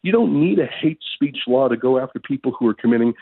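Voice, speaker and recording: A man's voice: mid-range voice, lively intonation, quick pace, breathy edge. A man in his fifties from Canada, a guest in a remote interview, talking in an agitated way with many repeated words and restarts. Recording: tinny phone-like line.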